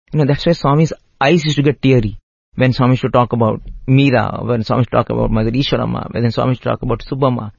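A man's voice: medium pitch, vocal fry, a little mellow, slightly rough, no echo. A man giving an earnest, emotive devotional talk, retelling a sacred story. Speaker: spiritual speaker. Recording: dull lo-fi recording.

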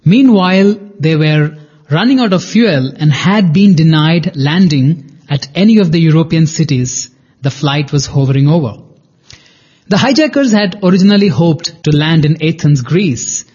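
A man reading a dramatic true story as a scripted narration, measured and slowing on key phrases. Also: on the high side, darkish tone, slightly rough. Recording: dull lo-fi recording.

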